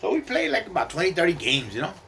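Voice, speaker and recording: Man, casual streetwise storyteller, profane, sharp bright tone. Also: fairly high pitch, sing-song, fast, a little hiss or hum. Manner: streetwise, profane, slang-heavy, mixes in Spanish.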